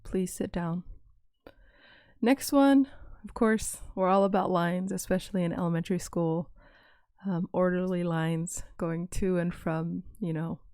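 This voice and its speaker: A young woman, patiently teaching classroom phrases and repeating each one slowly for learners. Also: lowish voice, dark tone, no echo, clean studio sound. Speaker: language teacher. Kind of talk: recorded language lesson.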